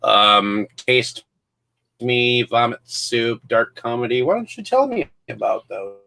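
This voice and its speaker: A man hosting an interview, asking questions in a halting way with many fillers. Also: mid-range voice, lively intonation, creaky, sharp tone. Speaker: host. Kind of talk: casual interview.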